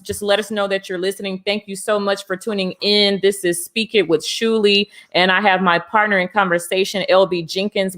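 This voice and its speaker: A woman's voice: mid-range voice, a bit bright. A woman hosting a live conversational talk show, earnest and encouraging as she reads out viewer comments and brings in her guests.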